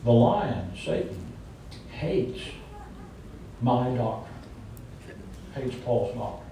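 A man's voice: very animated, very slow, dark tone. A man with a Southern US accent preaching a conversational sermon, folksy and emphatic, with joking asides. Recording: echoey hall from far off with faint rumble.

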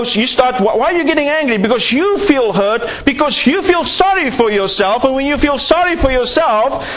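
A man's voice: very high voice, fairly bright tone. A man preaching a sermon, acting out little scenes to make his points. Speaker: pastor.

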